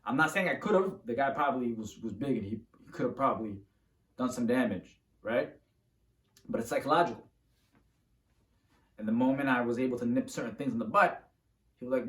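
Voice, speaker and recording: Animated man telling a story in a roomy room. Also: mid-range voice, fairly quick, long pauses. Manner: animated, acts out moves while telling. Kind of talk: casual storytelling to camera. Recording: roomy, from a distance to the mic.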